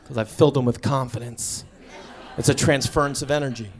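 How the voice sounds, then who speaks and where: A man doing stand-up comedy, telling a story on stage and acting out both sides of a shouted argument. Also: medium pitch, steady tone, a little fast, some chatter behind. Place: live comedy stage with audience laughter.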